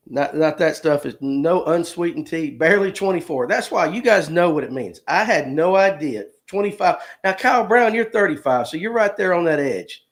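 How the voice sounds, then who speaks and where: A man in his fifties chats casually on a live stream, folksy and joking as he reads out viewer comments. His voice sits a little higher than most men's. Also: lively intonation, normal speed, hardly any pauses. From Georgia, US. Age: 50s. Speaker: livestream host.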